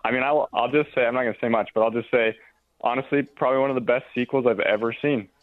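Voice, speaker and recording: A man's voice: medium pitch, fairly even intonation, quick pace, no echo. A man, a theater manager, calls in to a radio show and gushes about what he has seen. The line is tinny and phone-like, and his voice sounds dry and close. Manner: enthusiastic, gushing. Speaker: theater general manager guest. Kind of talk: remote radio interview.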